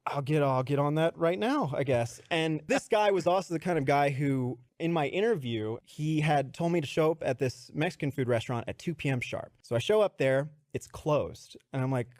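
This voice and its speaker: A man casually telling a work anecdote in a studio, animated and laughing as he goes. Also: on the high side, normal speed, hardly any pauses, no echo. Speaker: podcast storyteller.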